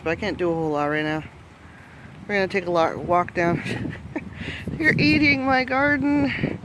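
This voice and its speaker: A woman vlogging outdoors on a flooded farm, chatting to the camera and jokingly grumbling at her animals. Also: on the low side. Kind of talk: casual vlog narration. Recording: outdoor noise, running creek water. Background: rushing water.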